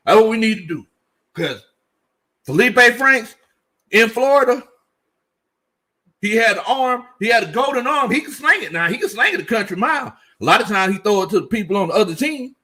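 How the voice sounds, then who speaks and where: A man's voice: high-pitched, big pitch swings, fairly quick, pauses often, bright, forceful tone. A man hosting a casual sports commentary livestream, reading out chat comments and joking, repeating lines for emphasis. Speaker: sports show host.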